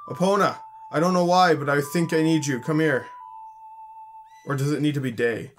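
A man's voice: on the high side, moderate pace, faint music behind. Chatty Canadian-raised man narrating gameplay. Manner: chatty, grumbling, jokey, reads game text aloud. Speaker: let's play host. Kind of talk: casual gameplay commentary.

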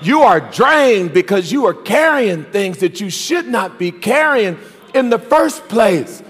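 Male pastor with a very high, forceful voice, preaching with call-and-response in a reverberant church hall. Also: sing-song, a little slow, slightly rough. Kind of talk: sermon. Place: church sanctuary.

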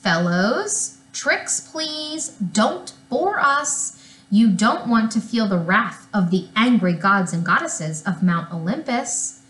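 A woman's voice: medium pitch, expressive, takes it slowly, fairly bright tone, echoey room. A woman voicing a bossy, easily annoyed queen goddess with a commanding, sarcastic manner.

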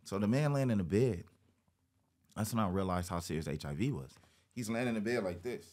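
A man's voice: expressive, a little fast, darkish tone. A man, a guest on an interview show, telling a personal story and acting out the voices of the people in it. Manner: acts out quoted voices, jumping high in pitch. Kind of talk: animated storytelling.

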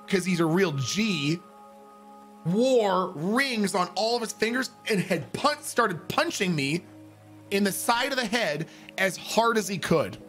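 Man, roleplay streamer, high and animated, profane storyteller. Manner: profane, emphatic, acts out quotes. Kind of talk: animated anecdote telling.

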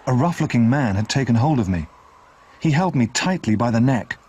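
Expressive male storybook narrator. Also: mid-range voice, moderate pace, slight background noise. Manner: expressive, dramatic reading.

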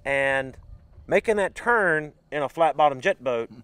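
An American man hosting a podcast, telling a story in a lively way, acting out voices and sound effects. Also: fairly high pitch, a little slow, clean tone, dry recording. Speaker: podcast host. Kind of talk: casual storytelling.

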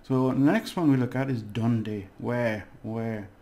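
Guy doing a laid-back lesson, low mellow voice with some fry, lots of uhs and little jokes. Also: unhurried. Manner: rambling, hesitant, with jokes and fillers. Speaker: language teacher. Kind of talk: casual video lesson.

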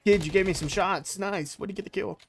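Excitable gamer man, fairly high voice. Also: a little fast, creaky. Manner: excitable, swears, trash-talks. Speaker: gaming YouTuber. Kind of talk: live gameplay commentary.

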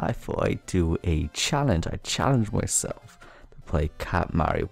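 A young man doing hushed gaming commentary late at night at home, tense and excitable, swearing in bursts and often dropping to a near whisper. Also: low-pitched, gravelly. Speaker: gaming YouTuber. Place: home at night while family sleeps.

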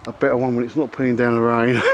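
A middle-aged man, out of breath, talking haltingly to a handheld camera outdoors at night in the rain, with many ums and uhs. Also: mid-range voice, flat delivery, dull audio, a little hiss or hum. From England. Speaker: vlogger. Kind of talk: casual vlog to camera.

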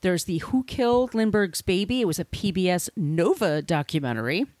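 A woman's voice: on the low side, animated, fairly quick, a little mellow, no room sound. Brief: irreverent woman podcast host, casual chat, cursing, dry recording. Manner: chatty, irreverent, swears casually.

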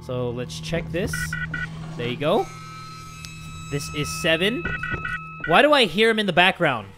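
Excitable man yelling over a game. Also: fairly high pitch, a little slow. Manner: excitable, swears, yelps and shouts when startled. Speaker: gaming YouTuber. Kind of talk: casual gameplay commentary. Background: game music.

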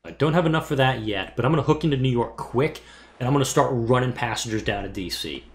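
Lively-voiced man thinking aloud while gaming. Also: medium pitch, fast talker. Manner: thinks aloud, muttering to himself while planning; casual, swears mildly. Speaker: let's play gamer. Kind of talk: casual gameplay commentary.

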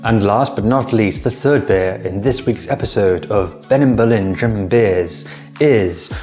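A man's voice: on the low side, measured pace, darkish tone, faint music behind. A young man hosting a casual beer-tasting vlog, chatty and a little hesitant, talking straight to his viewers. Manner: chatty, hesitant with ums, addresses viewers as guys and team. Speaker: beer-tasting vlogger, channel host.

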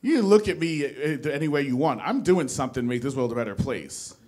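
Expressive and a little fast, this young man's mid-range voice carries a darkish tone. He's doing self-deprecating, rambling stand-up before a live audience in a small studio, repeatedly breaking off and restarting lines, and he's from New Jersey.

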